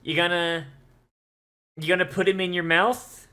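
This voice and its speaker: A man's voice: high-pitched, level tone, unhurried, bright, forceful tone. A man hosting an anime watch-along, reacting with profane, incredulous outbursts and running commentary.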